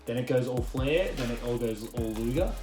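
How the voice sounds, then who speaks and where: Excitable man in a roomy space. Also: medium pitch, a little fast. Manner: animated storyteller, excitable. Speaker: guest collector showing his collection. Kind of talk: casual chat. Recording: roomy echo with music behind.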